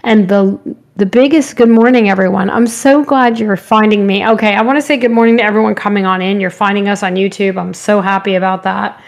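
A woman hosting a live-streamed spiritual talk, her voice slightly hoarse, rambling gently and greeting viewers by name. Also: medium pitch, fairly even intonation, fast, hardly any pauses. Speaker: spiritual show host.

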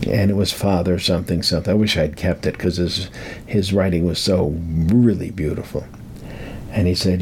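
A man's voice: low voice, fairly even intonation, slow pace, creaky, long pauses, darkish tone, slight background noise. An older man telling a rambling personal story, repeating words for emphasis. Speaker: speaker on metaphysics.

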